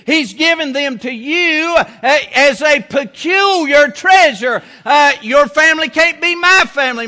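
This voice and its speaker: A man's voice: very high-pitched, sharp tone. A middle-aged man preaching a sermon in a folksy, down-home way, repeating his phrases for emphasis. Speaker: pastor.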